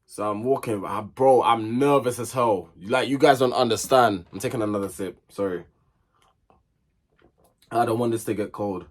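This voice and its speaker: A man's voice: on the low side, normal speed. A young man telling a personal story in a chatty, digressive, slang-filled way. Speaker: vlogger. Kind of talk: casual storytime chat.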